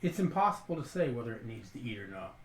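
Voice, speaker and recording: A man narrating a tabletop game as game master, describing scenes quickly. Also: medium pitch, very animated, echoey room, poor audio.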